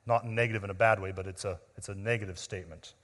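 A man preaching a sermon, emphatic and full of rhetorical questions, swinging between loud declarations and quiet, drawn-out words. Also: on the low side, fairly even intonation. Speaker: pastor. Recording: long reverb of a large hall.

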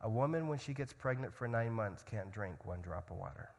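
A man's voice: on the low side, lively intonation, brisk, gravelly. Impassioned male missionary preacher in a hall. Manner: impassioned, swings from loud urgency to hushed storytelling. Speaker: missionary speaker. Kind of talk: sermon.

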